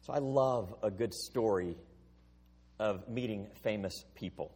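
Husky-voiced pastor in an echoing hall. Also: male voice, fairly low pitch, unhurried. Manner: storytelling, animated. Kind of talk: sermon.

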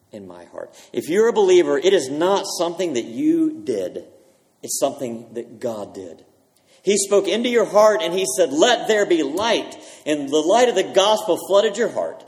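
A man preaching a sermon as pastor, swinging from loud, emphatic declarations to hushed phrase endings. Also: a little high, in a large hall. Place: church sanctuary.

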